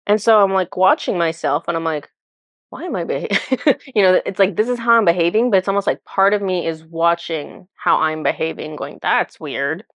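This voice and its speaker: A woman's voice: fairly low pitch, a little fast, hardly any pauses, no room sound. A woman casually retelling a spiritual vision as a channeler, chatty and full of fillers, laughing at herself.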